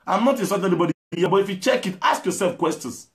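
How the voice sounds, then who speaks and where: A Nigerian man gives an impassioned video message, his fairly high voice pushing hard one moment and pleading the next. He is a musician and slides between English and pidgin. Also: expressive, racing. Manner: forceful, pleading, mixes in pidgin.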